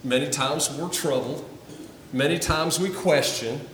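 A man's voice: on the high side, unhurried, fairly bright tone, a little hiss or hum. A man preaching a sermon to his congregation, earnest and often repeating his first words as he starts a thought. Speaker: pastor. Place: church sanctuary. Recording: roomy hall, from a distance.

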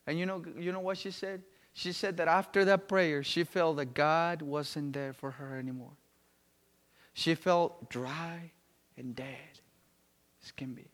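A man preaching a sermon, telling a story with great emotion and swinging between loud pleading and hushed, quiet tones. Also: high voice, unhurried, pauses often. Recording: long reverb of a large hall.

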